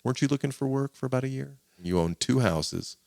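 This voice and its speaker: A middle-aged man hosting a podcast and interviewing his father, teasing and joking as he fires quick follow-up questions. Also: medium pitch, expressive, gravelly, a little mellow, no room sound, studio quality. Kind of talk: casual interview.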